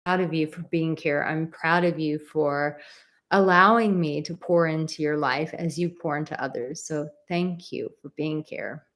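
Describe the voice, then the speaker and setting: A young adult woman with a somewhat low voice hosts a live advice chat. She reads viewer comments aloud and answers each one in an encouraging, direct way. She often repeats a word for emphasis. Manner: coos in a high baby voice to her dog. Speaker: advice show host.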